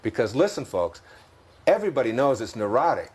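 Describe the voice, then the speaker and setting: A man's voice: medium pitch, very animated, brisk, darkish tone, breathy edge. A man with a Detroit accent, a guest in an interview, talking reflectively about spiritual ideas and often laughing through his stories. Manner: thoughtful, laughs often while telling stories.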